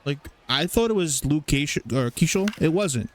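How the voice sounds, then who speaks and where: A young man narrates his own baseball video game like a mini podcast. He talks in a loose, profane, excitable ramble, his voice sitting a bit higher than usual, with faint background ambience in the room. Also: moderate pace, a little hiss or hum. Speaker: gaming YouTuber. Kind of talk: casual let's-play commentary.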